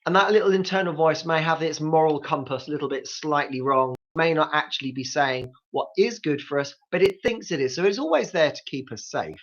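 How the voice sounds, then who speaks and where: A man's voice: on the high side, brisk, few pauses, a bit bright, muffled recording. A man hosting a live grief support talk, coaching listeners directly with practical tips. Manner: coaching, speaks straight to listeners.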